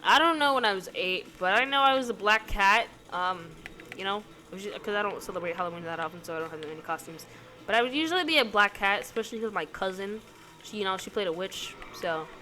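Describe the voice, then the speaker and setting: A woman vlogger speaks fast in an expressive, medium-pitched voice that sounds pushed and bright. She reads questions aloud and answers them casually, rambling and hesitating with lots of ums and likes, as background music plays.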